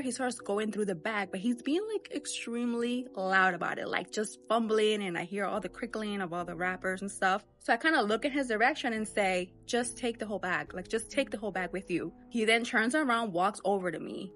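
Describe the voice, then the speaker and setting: Woman, mid pitch, chatty first-person story outdoors, faint music. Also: fairly bright tone. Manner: conversational, fillers like "like".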